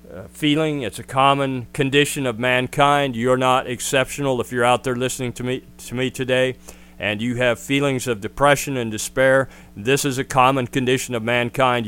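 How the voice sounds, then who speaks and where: A man preaching a sermon in an earnest, direct way, often pausing with "uh". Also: mid-range voice, a bit bright, smooth. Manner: earnest, with frequent "uh" fillers.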